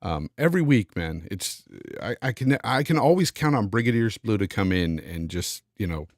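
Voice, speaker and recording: A man's voice: on the low side, expressive, moderate pace, dry recording, studio quality. A man hosting a casual live-stream podcast, reading out super chats and thanking viewers by name. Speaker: podcast host.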